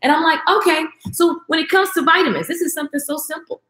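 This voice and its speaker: A woman's voice: sits high, fast talker, fairly bright tone, echoey room. A woman vlogger giving a passionate, emphatic motivational talk straight to her viewers, repeating phrases for emphasis.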